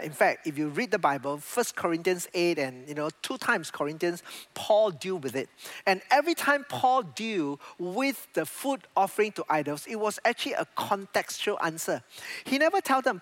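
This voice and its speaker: A man preaching a sermon as a pastor, animated, speaking English with non-native grammar. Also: high voice.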